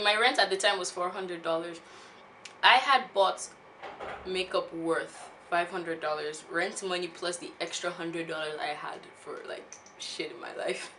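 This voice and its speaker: A woman in her twenties, a beauty vlogger, telling a personal story in a casual, animated way. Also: on the low side, measured pace, slight background noise. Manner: animated, laughs often while telling.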